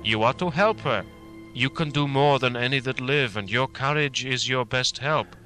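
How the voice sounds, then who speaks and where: A man reads a grave, commanding elderly professor from a storybook, steady and measured. His voice rings bright and clear. Faint film music plays under him. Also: mid-range voice, lightly acted. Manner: grave, urgent, measured speech.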